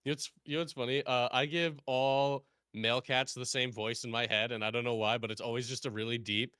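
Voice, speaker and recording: Bright, laughing man chatting on a call. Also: mid-range voice, a little fast, clear, resonant tone, dry recording, studio quality. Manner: animated, laughs often, puts on voices for quotes. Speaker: guest streamer. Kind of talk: casual chat.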